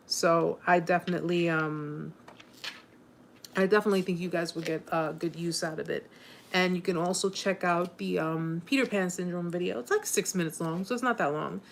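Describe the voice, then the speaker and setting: A woman hosting a casual live chat with viewers, warm and encouraging, rambling with many fillers and restarts, openly emotional. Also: fairly low pitch, slight background noise.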